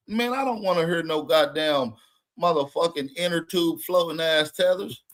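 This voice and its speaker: A man with a high voice runs a reaction commentary, talking over clips. He mocks and curses, hammering each point hard. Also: normal speed, a bit bright. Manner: mocking, profane, emphatic. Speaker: commentary channel host.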